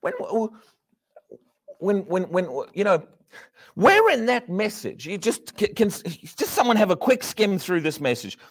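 Animated high-voiced male preacher. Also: measured pace, slightly rough. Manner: animated, rhetorical questions, swings from loud to hushed. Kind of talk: sermon.

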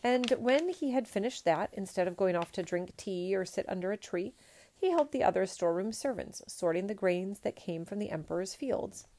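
A woman reading a picture book aloud in a measured, expressive storytelling manner. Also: medium pitch, gravelly.

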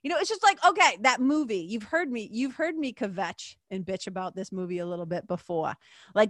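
A woman's voice: mid-range voice, fairly bright tone, dry recording, studio quality. A woman in her fifties hosting her own podcast, chatting casually and animatedly, acting out silly voices and swearing freely. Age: 50s. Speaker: podcast host. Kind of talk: casual solo podcast talk.

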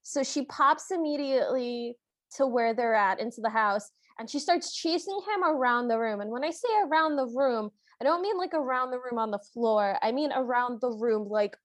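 A woman's voice: on the high side, normal speed, no room sound, studio quality. A woman co-hosting a podcast, chatting casually and playfully, often laughing as she retells a cartoon. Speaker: podcast co-host. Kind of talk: casual chat.

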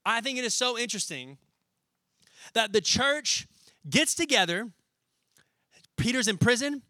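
A young man preaching a sermon as pastor, talking in a lively, casual way and acting out little scenes as he goes. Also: very high voice, dry recording. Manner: animated, conversational, acts out scenes in quick voices.

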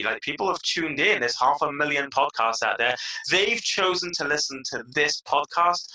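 A man with a British accent, a podcast guest in a casual interview, telling stories with lively energy and playful voices. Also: mid-range voice, fairly quick, hardly any pauses, low-quality recording. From England.

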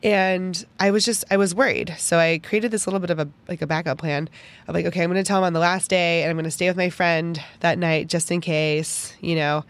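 A woman's voice: fairly low pitch, brisk. Chatty woman podcaster telling a story. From Pittsburgh, United States. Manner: animated, chatty, packed with "like" fillers. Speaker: podcast host. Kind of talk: casual personal storytelling.

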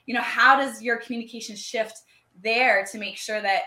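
A young adult woman hosting a conversation, chatty and animated, with plenty of fillers. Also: a little high, moderate pace, reverberant. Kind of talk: podcast conversation.

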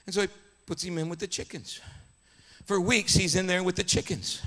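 A man preaching a sermon as a guest preacher, telling a story and swinging from quiet narration to shouted praise. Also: high-pitched, fairly even intonation, normal speed.

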